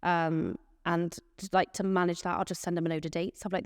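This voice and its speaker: A woman's voice: on the low side, level tone, a little fast, a little mellow, no echo, studio quality, long reverb tail. A woman, a care team manager chatting in an interview and acting out little exchanges. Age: late 20s. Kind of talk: casual interview answers.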